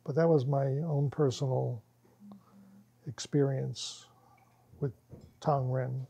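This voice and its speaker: A man presenting at a workshop, telling stories in a casual, animated way to a small group. He laughs often and acts out quoted lines. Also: medium pitch, slow pace, gravelly, breathy edge.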